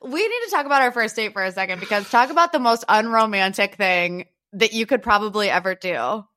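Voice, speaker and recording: A young woman hosting a podcast, chatting in a teasing, animated way and laughing often. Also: mid-range voice, brisk. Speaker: podcast host. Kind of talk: casual chat.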